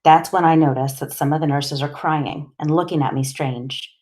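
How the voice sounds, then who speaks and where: A woman narrating a first-person audiobook in a plain, steady storytelling manner. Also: deep voice, moderate pace.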